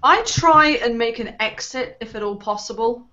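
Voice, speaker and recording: A woman's voice: a little high, normal speed, pushed and bright. A woman playing a tabletop game who talks casually and sometimes hesitates. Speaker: player. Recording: dull lo-fi recording.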